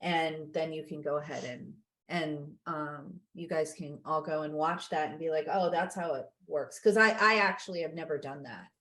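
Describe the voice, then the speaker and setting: A woman's voice: low-pitched, moderate pace, few pauses, fairly bright tone. A woman hosting a business networking group, casually thinking aloud on a group video call.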